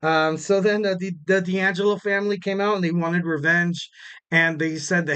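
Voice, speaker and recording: A man's voice: high voice, steady tone, moderate pace, sharp tone, clean tone. A young man hosting a podcast, recapping wrestling in a casual, rambling way with lots of fillers, self-corrections and jokes at his own expense. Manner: jokey, laughs at himself. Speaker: podcast host.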